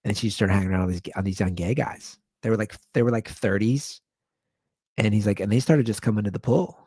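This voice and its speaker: A man's voice: fairly low pitch, fairly quick, dark tone, slightly rough, no room sound, clean studio sound. A man hosting a podcast, telling a comic story in a rambling, loose, casually profane way. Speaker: podcast host. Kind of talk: casual comedic storytelling rant.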